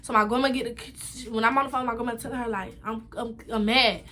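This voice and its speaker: A young woman telling a story time vlog with a high, bright voice. She talks in an animated, emphatic way, full of slang. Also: a little fast. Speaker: vlogger.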